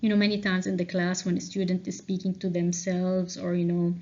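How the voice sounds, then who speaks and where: A woman's voice: fairly low pitch, monotone, a little mellow. Teacher woman explaining answers, lo-fi sound. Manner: explains slowly, frequent "okay?" checks. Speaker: English teacher. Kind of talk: revision lesson walkthrough. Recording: dull lo-fi recording.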